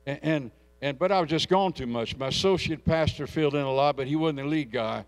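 A middle-aged man preaches a sermon, his voice sitting a little higher than most men's. He tells stories in a folksy, plain way and climbs into loud, fervent calls to the congregation. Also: fairly quick. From Louisiana. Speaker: pastor.

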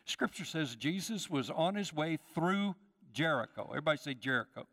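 A man's voice: on the high side, lively intonation, normal speed, fairly bright tone. Preaching man in a reverberant church. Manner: dramatic preaching, acting out voices, calls to the congregation. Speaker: pastor. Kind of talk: sermon. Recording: long hall reverb.

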